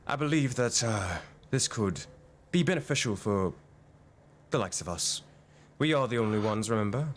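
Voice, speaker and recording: A man's voice: fairly low pitch, lively intonation, moderate pace, slight background noise, natural voice. A man voicing a chatty, bashful male pterodactyl in a tabletop game, speaking in a huffy, polite way. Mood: musing.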